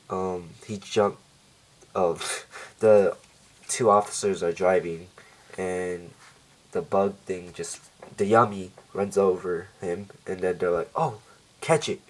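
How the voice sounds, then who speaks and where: Low-voiced man rambling through a recap. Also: rough recording. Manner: rambling, many fillers and self-corrections. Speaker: show reviewer. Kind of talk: casual episode recap.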